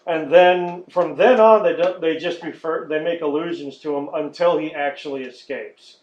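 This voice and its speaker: A man's voice: on the high side, normal speed, few pauses, darkish tone, slight background noise. A man hosting a podcast, ranting in casual chat with frequent swearing and mocking impressions. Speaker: podcast host. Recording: echoey lo-fi room recording.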